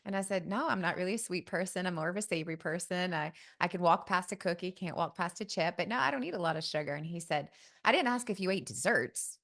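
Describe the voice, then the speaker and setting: A woman's voice: lowish voice, fast, gravelly, few pauses, fairly bright tone. A middle-aged woman hosting a podcast, telling a personal story in a casual, folksy way and often saying "y'all". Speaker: podcast host.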